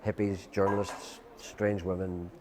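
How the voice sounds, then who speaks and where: A man's voice: sits low, flat delivery, a little slow, a crowd in the background. An older man with an Irish accent, a guest telling a long rambling anecdote and acting out what others said, with many fillers. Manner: rambling storyteller who acts out quoted voices, many fillers. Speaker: interview guest. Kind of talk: anecdotal storytelling.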